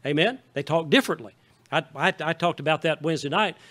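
Speaking fast in a slightly high, fairly bright voice, a Southeast Missouri pastor with a Southern Missouri accent delivers a folksy, conversational sermon in a church sanctuary. He frequently checks in with his congregation.

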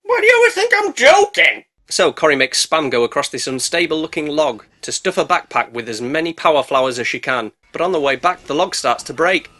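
A man's voice: brisk, hardly any pauses, sharp tone. A British man narrating a sarcastic, jokey movie recap as a reviewer. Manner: cheeky, sarcastic, bursts into squeaky put-on voices.

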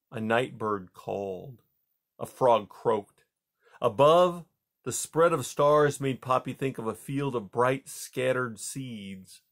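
A man reading a children's novel aloud. His voice sits at a middle pitch, and he takes the narration at an unhurried, measured pace. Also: vocal fry, fairly bright tone. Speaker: reader.

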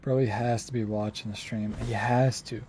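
A man's voice: fairly low pitch, steady tone, moderate pace, a little mellow, a little hiss or hum. A man streaming a survival game, chatting casually and swearing, flipping between laid-back and exasperated. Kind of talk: casual gaming stream commentary.

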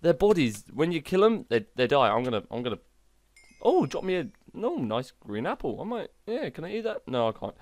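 A man hosting a gaming channel, chatting excitably and poking fun at himself while showcasing a game mod. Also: on the high side, a little fast. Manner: excitable, chatty, self-mocking.

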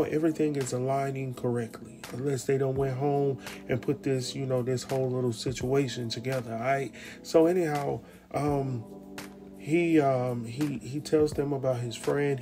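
A man hosting a casual TV episode recap, telling it in a loose, slangy way and retelling scenes as dialogue. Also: medium pitch.

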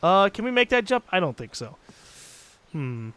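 A man with a central North American accent, giving casual let's play commentary, excitable and swearing freely. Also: high voice, moderate pace, smooth. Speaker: gaming commentator.

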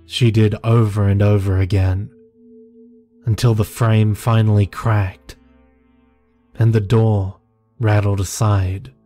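Low voiced guy reading a creepy story slowly, deep-ish, faint music behind. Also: flat delivery, mellow. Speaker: narrator. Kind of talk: horror story narration.

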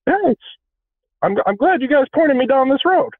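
A man's voice: extremely high pitch, lively intonation, moderate pace, no echo. Give me an easygoing man calling in over a tinny phone line. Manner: grateful, easygoing. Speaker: caller. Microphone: phone call.

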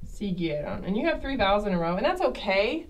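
A woman's voice: mid-range voice, sing-song, brisk. A woman teaching a Spanish class, explaining grammar in a chatty way and checking in with the class by asking "okay?" again and again. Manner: checks in with frequent "okay?" asides; self-correcting, chatty explanations. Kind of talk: classroom lecture at a whiteboard.

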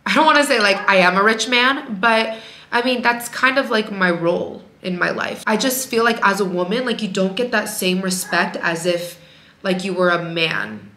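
A woman's voice: mid-range voice, animated, moderate pace, sharp tone. A woman talking frankly to camera as a working-mom vlogger, in a chatty way that leans on "like" a lot. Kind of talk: candid casual vlog talk. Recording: echoey room.

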